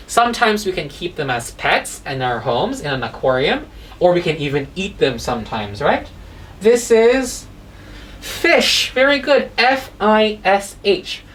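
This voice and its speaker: A woman's voice: on the low side, distant mic. A woman teaching a children's phonics lesson, spelling out animal names letter by letter and asking the kids questions.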